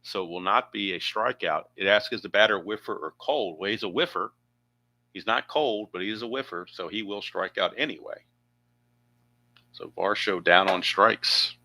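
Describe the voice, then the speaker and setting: Bright-voiced man calling a dice baseball game. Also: lowish voice, normal speed. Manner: chatty, thinks aloud, wanders into asides. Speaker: tabletop baseball game player narrating. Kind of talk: play-by-play narration of a dice game.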